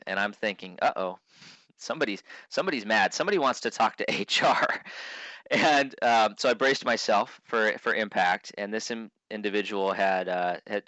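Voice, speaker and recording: In a dull, echo-free recording, a keynote speaker at a conference talks in a low, sharp-toned voice. His storytelling is earnest, and he keeps breaking off to restart sentences.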